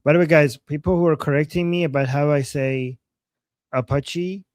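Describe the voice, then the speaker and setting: A man from Iran co-hosting a casual news commentary, excitable and exclaiming often. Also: fairly high pitch, a little fast, no room sound, studio quality. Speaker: co-host.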